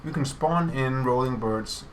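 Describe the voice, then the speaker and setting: A man with a mid-range, slightly slow voice hosts a developer livestream, chatting casually over gameplay while showing player builds. He is jokey and playful, teasing his co-host, with a little hiss or hum in the audio.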